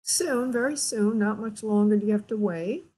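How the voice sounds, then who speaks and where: A woman spirit medium hosting a call-in radio show, giving gentle, affectionate readings and calling her callers honey and sweetheart. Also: medium pitch, moderate pace, slightly rough, poor audio.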